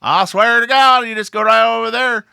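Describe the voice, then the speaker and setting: A man voicing a rowdy male yokel in a loud, folksy, put-on Southern US drawl. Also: very high voice, fairly even intonation, moderate pace, creaky, clear, resonant tone, no room sound, studio quality, pitched above the performer's own voice, exaggerated voice.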